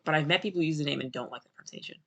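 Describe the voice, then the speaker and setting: A man chatting casually to his live-stream viewers while he plays, wandering off track and correcting himself as he goes. His voice sits a little high and sounds bright, with a gravelly edge. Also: very fast. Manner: rambling, self-correcting, musing aloud to chat. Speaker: streamer playing a game.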